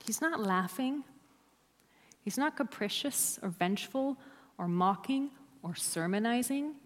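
Lady preaching in church, leans hard on words then goes quiet, big reverby hall. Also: fairly high pitch, expressive, unhurried. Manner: emphatic, dropping to near-whispers on key words. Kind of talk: sermon.

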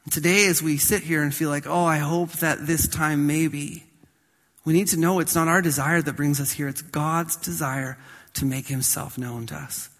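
A man preaching a sermon as pastor, swinging from loud to soft and slowing down on key phrases. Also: on the high side, fairly even intonation, big-room sound.

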